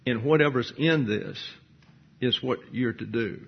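A man's voice: mid-range voice, measured pace, vocal fry, dull audio, slight background noise. A man preaching a verse-by-verse sermon, teaching point by point, answering his own rhetorical questions and dropping dry, wry asides.

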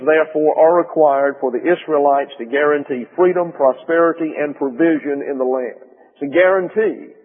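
A husky-voiced male pastor delivers an emphatic sermon and slows down to press on key words. The sound is thin and phone-like. A long hall reverb trails after every phrase. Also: fairly high pitch.

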